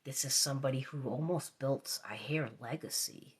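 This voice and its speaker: Husky-voiced woman giving a tarot reading. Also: a bass voice, normal speed. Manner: drops to a whisper at times, repeats phrases. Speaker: tarot reader. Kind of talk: live-streamed tarot reading.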